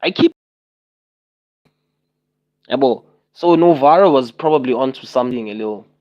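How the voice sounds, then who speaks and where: A man's voice: medium pitch, animated, quick pace, dull audio. A young man on a casual livestream, talking to his viewers and repeating himself in exasperated rhetorical questions.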